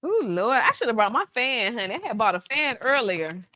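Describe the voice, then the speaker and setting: A bright, sharp-toned woman talks viewers through a live cooking demo. Her pitch sits a little high, and she keeps it chatty and playful, tossing teasing asides at the audience between steps. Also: big pitch swings, a little fast. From Atlanta, USA. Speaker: cooking show host, baker.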